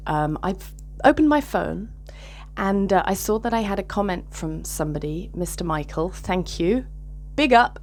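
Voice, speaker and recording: A woman's voice: lowish voice, a little mellow. Woman, casual vlog monologue, candid, emotional, swears freely. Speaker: vlogger. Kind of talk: casual reflective monologue to camera.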